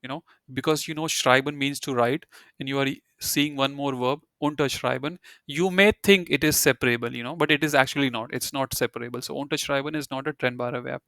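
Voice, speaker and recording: A man's voice: mid-range voice, fairly even intonation, fairly quick, vocal fry, pushed and bright, dry recording, clean studio sound. A man teaching a German grammar lecture in a conversational way, with many fillers and restarts, reading out example sentences. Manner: conversational, frequent "you know" fillers and restarts.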